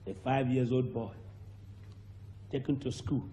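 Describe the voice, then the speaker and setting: Animated Nigerian preacher telling a story. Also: male voice, mid-range voice, measured pace, a little hiss or hum. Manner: animated storyteller, acts out voices, bursts into shouts and laughter. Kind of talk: sermon testimony.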